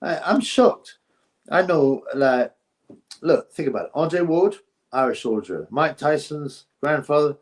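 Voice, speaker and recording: A man's voice: medium pitch, darkish tone. Casual male streamer, loose rambling delivery, reacts to viewer comments. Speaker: boxing livestream host. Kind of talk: casual live-stream chat.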